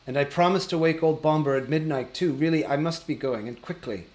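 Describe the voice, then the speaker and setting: A man doing a squeaky, fussy hobbit. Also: a little fast, darkish tone, natural voice. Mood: awkward, resolute. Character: fussy polite male hobbit, small and businesslike. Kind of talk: audiobook character reading.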